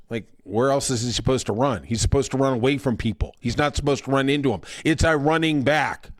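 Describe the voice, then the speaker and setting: A man's voice: mid-range voice, lively intonation, brisk, few pauses. A man hosting a podcast, delivering a sarcastic, ranting monologue with mocking impressions. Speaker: podcast host. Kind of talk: casual opinion monologue.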